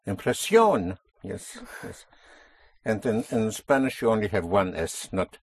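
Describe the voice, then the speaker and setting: A man's voice: lowish voice, very animated, a little slow, husky, dry recording. A man teaching a language lesson, explaining a stress rule patiently and stressing key words.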